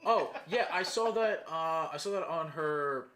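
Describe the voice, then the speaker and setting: Man, podcast co-host, blunt sarcastic banter, slightly high voice. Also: measured pace, sharp tone. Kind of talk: casual crude banter.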